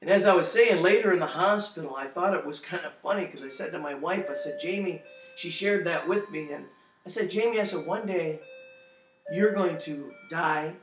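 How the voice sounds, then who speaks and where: A middle-aged man giving a spoken testimony, telling his story in an animated way and acting out the quotes loudly. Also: a little high, moderate pace, soft background music. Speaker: testimony speaker. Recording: echoey room, distant mic.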